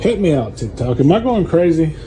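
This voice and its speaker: A man's voice: fairly high pitch, sing-song, fairly quick, noisy background. A man talking casually to his phone viewers, puzzled and asking them for help. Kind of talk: casual social media clip.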